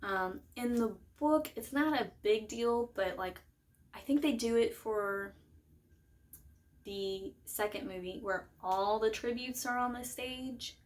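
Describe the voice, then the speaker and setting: A woman's voice: fairly high pitch, slow pace. Rambling young woman book vlogger. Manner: rambling, lots of fillers and self-corrections. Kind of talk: casual chat.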